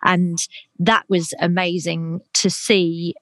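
A middle-aged woman, a comedian and awards host, telling lively anecdotes in casual chat with animated delivery. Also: slow pace, dry recording. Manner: animated storyteller, high-pitched impressions.

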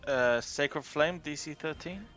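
A man's voice: fairly high pitch, unhurried, fairly bright tone, lo-fi sound, soft background music. A man playing a tabletop game, chatting casually and sounding a bit unsure. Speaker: player.

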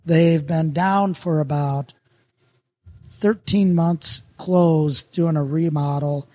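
A man's voice: a little high, steady tone, slow, dark tone, no echo. A middle-aged man from Minnesota, a brewer guest chatting casually and telling rambling, self-deprecating stories with lots of fillers. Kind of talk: casual podcast chat.

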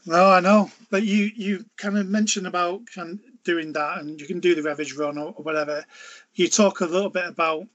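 A man hosts a podcast interview, asking his questions gently and with some hesitation. His voice sits a little higher than most men's. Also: fairly even intonation, a little fast, lo-fi sound. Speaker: podcast host.

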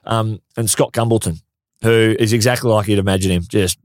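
A man's voice: lowish voice, fairly even intonation, brisk, no room sound, clean studio sound. An Australian man as a podcast guest, telling stories casually and laughing at them. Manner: storytelling, laughs at his own stories. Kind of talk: casual chat.

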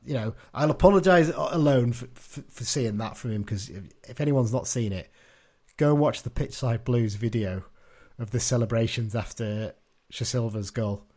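A man's voice: medium pitch, moderate pace, darkish tone. A man co-hosting a casual football podcast, chatty and opinionated, often tagging his points with questions. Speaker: podcast co-host.

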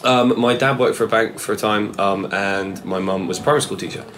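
A man's voice: fairly low pitch, a little fast, fairly bright tone. A British musician answering interview questions at length. He rambles, thinks aloud, and fills his answers with asides and self-corrections. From England. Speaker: musician guest.

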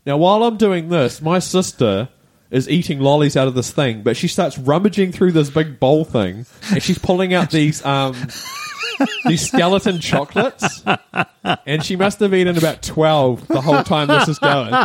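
Lively Kiwi man telling a story. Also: fairly high pitch, moderate pace. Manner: animated storytelling, laughing through it. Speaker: podcast co-host. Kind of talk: casual chat.

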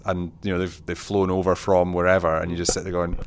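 A man's voice: low voice, quick pace. A man, a venue manager and artistic director, chatting in an interview and acting out his own reactions. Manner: animated, acts out quoted reactions, laughs often. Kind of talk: casual conversational interview.

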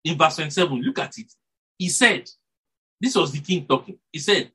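A man's voice: a little high, moderate pace, husky, low-quality recording. A man preaching a sermon, rising and dropping his voice for emphasis and correcting himself as he goes. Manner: animated, rises and drops for emphasis, self-corrects, chuckles.

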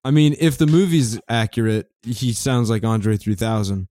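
A man's voice: medium pitch, normal speed, dark tone, no echo. A man chatting casually with friends, wry and dry in his jokes. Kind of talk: casual chat.

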